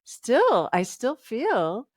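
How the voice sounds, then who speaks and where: A woman's voice: a little high, wildly swooping pitch, very slow, no room sound, studio quality. A woman in her fifties, a relationship author talking as a guest in a casual interview, chatty and reflective and laughing often.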